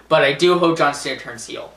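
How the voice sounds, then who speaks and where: A man's voice: fairly high pitch, pushed and bright, echoey room. A man vlogging casually, rambling and sarcastic, swearing and laughing at his own jokes. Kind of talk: casual commentary vlog.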